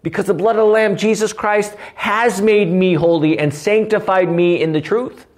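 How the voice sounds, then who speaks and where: A man with a fairly high voice delivers an earnest teaching sermon. He is animated and keeps checking in with his listeners by asking "right?". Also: normal speed. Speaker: pastor.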